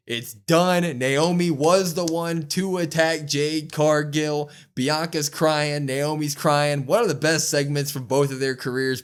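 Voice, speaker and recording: A man co-hosting a podcast, excitedly recapping a wrestling show in casual chat and acting out the quotes. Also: a little high, clear, resonant tone. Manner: excited, acts out quotes with raised voice.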